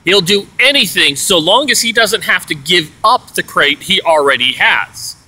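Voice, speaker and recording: A man's voice: high voice, animated, moderate pace, sharp tone, low-quality recording. A man telling an aggrieved story in a rambling, casual rant, full of "you know"s. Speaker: vlogger.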